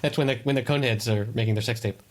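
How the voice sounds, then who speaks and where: A man's voice: medium pitch, racing. A man co-hosting a podcast in casual chat, giving meandering explanations with many restarts. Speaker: podcast co-host.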